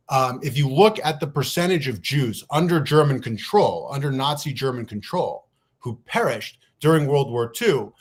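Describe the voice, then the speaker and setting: A man making his case in a debate, emphatic and lecturing, laying out numbers and sometimes talking fast. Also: mid-range voice. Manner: talks fast at times. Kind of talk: debate argument.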